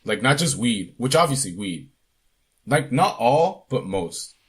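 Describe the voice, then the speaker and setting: A young man co-hosting a podcast in casual chat, relaxed and animated, swearing freely. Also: mid-range voice, a little slow, slightly rough. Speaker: podcast co-host.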